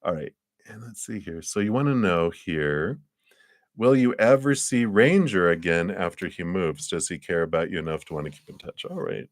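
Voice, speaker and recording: A male tarot reader talks through a live-stream card reading in a low voice. He rambles warmly from card to card and laughs often. His voice sits close and dry on the mic, with no room around it. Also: expressive, normal speed, no room sound.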